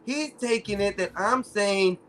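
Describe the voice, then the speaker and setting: A man's voice: high voice, unhurried, a bit bright. Defensive man in casual banter. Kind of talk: casual comedic panel chat.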